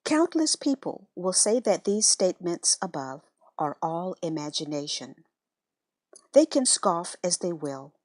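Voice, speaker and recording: A woman reads devotional text in an unhurried, reverent cadence, her voice sitting a little low. The sound is close and dry, with no room around it. Her delivery stays calm and measured throughout. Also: no echo. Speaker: reader of spiritual letters. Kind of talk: scripted devotional reading.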